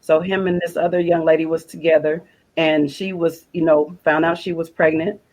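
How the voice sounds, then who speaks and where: A woman's voice: low voice, level tone, normal speed, a little mellow, low-quality recording. A woman, a guest on a faith broadcast, telling an emotional personal story in plain conversational speech and using religious phrasing. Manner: retells conversations in quoted dialogue, repeating phrases.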